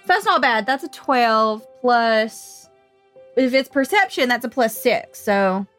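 A woman's voice: on the high side, lively intonation, slow, a bit bright, faint music behind. A woman playing a tabletop game, chatting casually and asking about rolls. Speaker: player.

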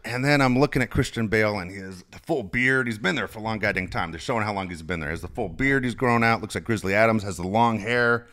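A man's voice: fairly low pitch, quick pace, hardly any pauses, fairly bright tone. A middle-aged man telling rambling, self-mocking stories in a casual chat, swearing freely. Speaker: podcast co-host and father.

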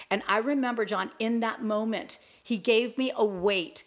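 An older woman co-hosting a Christian talk show, sharing a personal testimony as an animated storyteller who acts out the dialogue she quotes. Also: fairly high pitch, normal speed, few pauses.

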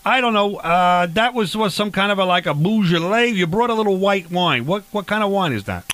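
Male comedy host, quick, high voice, rambling, pushy, dry close sound. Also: lively intonation, a bit bright, no room sound. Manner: rambling, pushy, repeats himself. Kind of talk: improvised comedy banter.

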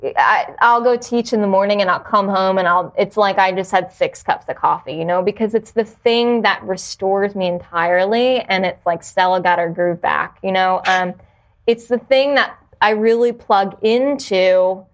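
A woman at a middle pitch talks earnestly about purpose in a casual interview. Her pace is reflective, and she often restarts phrases while searching for the right words. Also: moderate pace. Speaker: podcast guest, yoga teacher.

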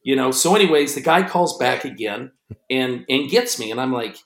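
A man co-hosting a podcast, telling an animated story and acting out both sides of a phone call. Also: mid-range voice, normal speed, reverberant. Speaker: podcast co-host and racing announcer.

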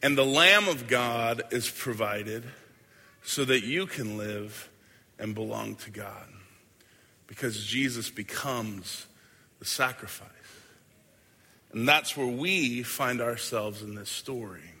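Slow, bright-voiced preaching man in a hall. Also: medium pitch, husky. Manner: earnest, slow and deliberate preaching, often trailing off softly at line ends. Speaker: pastor. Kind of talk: sermon. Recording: hall with long reverb.

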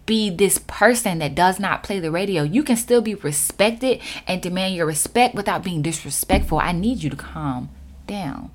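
A woman voicing a calm, hushed male divine voice. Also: lowish voice, moderate pace. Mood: firm.

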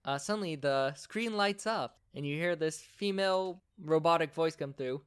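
A man narrating as game master of a tabletop game, in a relaxed, conversational way with fillers. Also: on the high side, normal speed, few pauses, clean tone.

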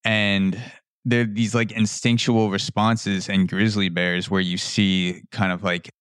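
A man's voice: on the low side, little pitch movement, measured pace, a bit bright, clean tone, no room sound, studio quality. A man hosting a podcast in a casual, rambling way, often restarting his sentences. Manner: rambling, with frequent restarts and repeated words. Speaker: podcast host. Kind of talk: casual conversational interview.

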